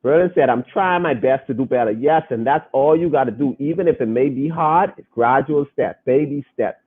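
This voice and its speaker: A young adult man hosts a casual podcast stream, reading viewer comments aloud in a mid-range, slightly rough voice at a moderate pace. He talks earnestly and repeats phrases for emphasis, and the audio is lo-fi, like a phone recording.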